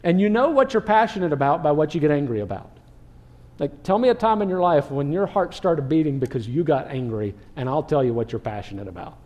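A man who is a pastor preaching a sermon, animated, sometimes acting out what people in the story say. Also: a little high, brisk. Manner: animated preaching, acts out quoted speech.

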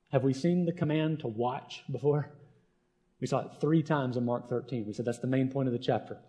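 Mellow-voiced male pastor preaching. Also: medium pitch, fairly quick. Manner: earnest, conversational preaching with frequent "right?". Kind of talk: sermon.

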